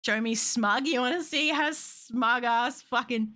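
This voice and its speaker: Bright giggly woman streamer. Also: on the high side, measured pace. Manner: rambling, giggly, swears freely. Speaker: VTuber streamer and model rigger. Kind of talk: casual live-stream chat while gaming.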